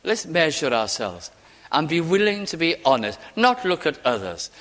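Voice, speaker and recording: A man preaching a sermon, slow and emphatic, letting key words fall away to a hush. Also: a little high, very animated, big-room sound. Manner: slow, emphatic, with dramatic drops to near silence.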